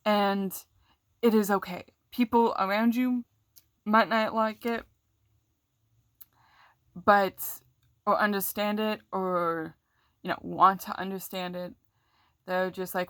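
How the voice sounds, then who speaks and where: A woman's voice: mid-range voice, fairly even intonation, unhurried, pauses often, fairly bright tone, dry recording, clean studio sound. A young woman venting on camera about a bad day, rambling and frustrated, with coughing fits. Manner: rambling, frustrated, self-deprecating, candid. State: coughing, throat catching. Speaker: vlogger. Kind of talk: casual talk to camera.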